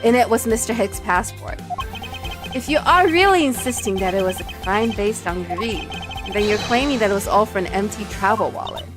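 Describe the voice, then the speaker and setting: A woman voicing a composed, formal male prosecutor in a lowered, measured voice over game music. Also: lively intonation, natural voice.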